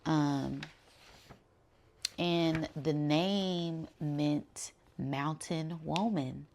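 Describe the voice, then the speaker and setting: A young woman telling a relaxed, chatty spiritual story, full of "um" and "like". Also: sits low. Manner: relaxed and chatty, many fillers like "um" and "like". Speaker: spiritual channel host.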